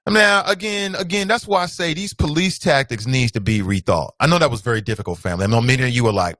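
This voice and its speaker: A man's voice: mid-range voice, quick pace, fairly bright tone, no echo. Earnest male talk show host, dry sound. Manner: earnest, direct, calls the audience family. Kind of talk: casual commentary.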